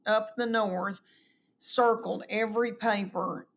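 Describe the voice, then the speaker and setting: Speaking slowly over faint background noise, a middle-aged woman with an East Tennessee Southern accent and a medium-pitched voice spins folksy tales. She's a guest comedian in a relaxed conversation, lively in her delivery and acting out the lines she quotes.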